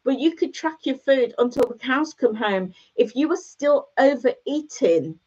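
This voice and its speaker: A woman's voice: high-pitched, lively intonation, a little slow, a little mellow. Chatty encouraging woman, lo-fi. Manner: chatty, encouraging, repeats phrases for emphasis. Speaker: host. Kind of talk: casual motivational chat with viewers. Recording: dull lo-fi sound.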